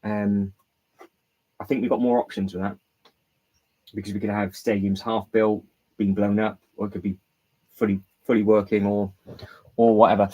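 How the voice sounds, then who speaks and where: A man's voice: lowish voice, flat delivery, moderate pace, long pauses, a little mellow, rough recording. A man hosting a casual livestream, thinking aloud while rearranging a build, rambling with restarts and fillers. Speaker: livestream host. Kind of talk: casual live-stream chat while building.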